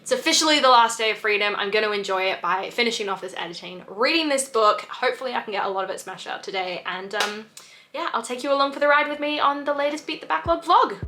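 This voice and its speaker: A woman's voice: a little high, fast talker, sharp tone. Gushing, teary woman vlogger. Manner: gushing, emotional, stumbling over words. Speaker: book vlogger. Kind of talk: casual vlog chat to camera. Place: at home indoors, windy outside.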